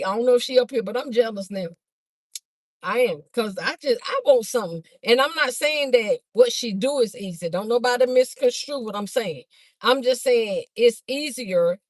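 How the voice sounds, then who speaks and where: A woman chatting fast on a phone livestream to her viewers, a bit out of breath as she walks from a car through a garage into a house. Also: a little high, no room sound. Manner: chatty, talks fast to viewers, calls them "y'all". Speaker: livestream host and vendor. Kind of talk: casual livestream chat to viewers. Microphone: phone held by hand.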